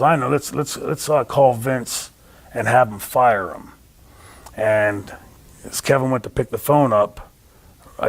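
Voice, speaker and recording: A man's voice: medium pitch, creaky. A man telling stories in an interview, acting out the voices of the people he quotes. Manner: animated storyteller, acts out quoted voices. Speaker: interview guest. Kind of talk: storytelling interview.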